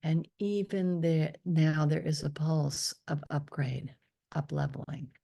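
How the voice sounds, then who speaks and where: A woman leading a guided meditation, speaking softly and slowly and often slipping into a whisper. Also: low voice, fairly even intonation, vocal fry, highs cut off. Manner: slow, soft and drifting, often dropping to a whisper on affirmations. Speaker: spiritual teacher leading a meditation.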